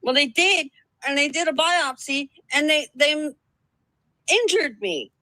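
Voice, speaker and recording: A woman's voice: high-pitched, animated, a little slow, bright, forceful tone, dry recording, low-quality recording. A woman on a casual live stream, ranting defiantly and swearing a lot.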